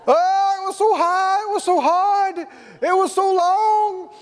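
A man's voice: very high-pitched, fairly even intonation, slow, long reverb tail, pitched above the performer's own voice. A man voicing a weary, struggling male believer who wails about his hardships. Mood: lamenting. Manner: wailing and complaining.

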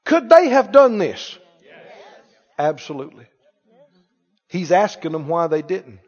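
High-voiced, lively male preacher. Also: a little slow. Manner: rhetorical questions, playful and emphatic. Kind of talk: sermon. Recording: echoey hall, dull sound.

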